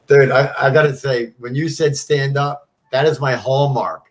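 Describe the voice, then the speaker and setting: A man's voice: medium pitch, steady tone, moderate pace. A man in his fifties, a former car salesman, chatting easily as an interview guest, swearing casually. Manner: easygoing, swears casually, laughs often.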